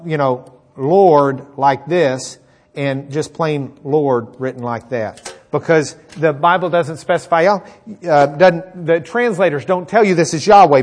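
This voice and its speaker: A man preaching a conversational sermon, retelling a Bible story and acting out its characters. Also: on the high side. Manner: animated storyteller, acts out characters; conversational with fillers.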